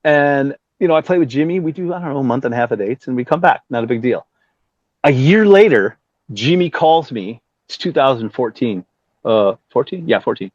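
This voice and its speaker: A man's voice: medium pitch, lively intonation, a little fast, no echo. A middle-aged man from Southern California, a musician telling a story in a casual interview, swearing freely and acting out the voices of other people. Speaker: musician guest. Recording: slightly dull, dry sound.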